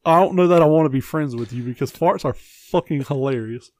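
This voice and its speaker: A man's voice: fairly high pitch, brisk, a little mellow, no room sound. A man co-hosting a podcast in casual chat, telling long profane stories in a rambling way. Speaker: podcast co-host.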